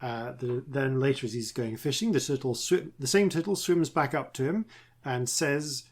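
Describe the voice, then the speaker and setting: A man hosting a tabletop game podcast as dungeon master, telling a folk tale in a rambling, halting way. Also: mid-range voice. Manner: rambling, halting storyteller with many ums. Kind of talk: casual podcast chat and storytelling.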